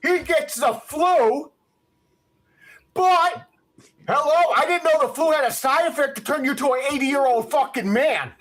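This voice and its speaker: A man's voice: extremely high pitch, unhurried, fairly bright tone. A man hosting a podcast, giving a heated, profane rant reviewing a movie. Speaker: podcast host.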